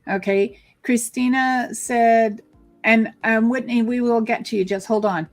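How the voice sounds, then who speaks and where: A woman's voice: on the high side, steady tone, unhurried, faint music behind. A woman co-hosting a live psychic card-reading stream, chatting and reading viewer comments aloud. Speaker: co-host psychic reader.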